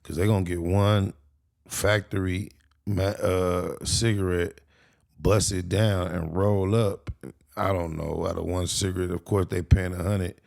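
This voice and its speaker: Deep gravelly man making wry asides. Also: steady tone, measured pace, a little mellow. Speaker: co-commentator. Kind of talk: casual commentary.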